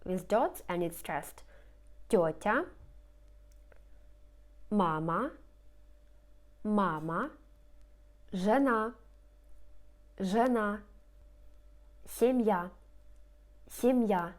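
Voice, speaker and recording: A woman teaching in English, her tongue, repeating each new word twice. She speaks slowly and deliberately, at a mid pitch, walking through slides one word at a time. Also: lively intonation. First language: Russian. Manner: repeats each word slowly and clearly, rising question intonation. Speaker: language teacher. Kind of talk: slow lesson narration over slides.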